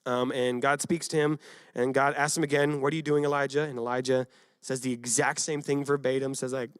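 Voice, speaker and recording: A young man giving a casual youth sermon, retelling a Bible story with lively acted quotes and frequent asides to his listeners. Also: medium pitch, fairly quick, clean tone, dry recording, studio quality. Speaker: youth pastor.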